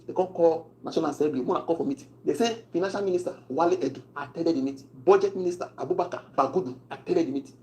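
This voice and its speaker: A woman's voice: lowish voice, expressive, quick pace, hardly any pauses, poor audio. A woman with a Nigerian accent giving casual political commentary, mixing Pidgin and English in a wry, chatty way.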